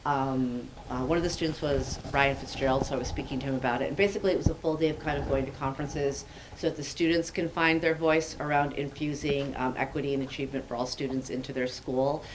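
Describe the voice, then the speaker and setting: A woman's voice: very deep voice, fairly even intonation, quick pace, hardly any pauses. A woman giving chatty, upbeat school announcements at a committee meeting, with a joking manner. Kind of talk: meeting report. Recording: noisy meeting recording.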